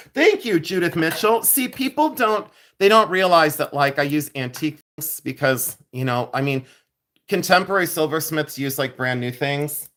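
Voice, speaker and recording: A man's voice: fairly high pitch, normal speed, fairly bright tone. A man working as a silversmith, chatting playfully with his livestream audience and laughing often as he demonstrates in his jewelry studio. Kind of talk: livestream demo with chat.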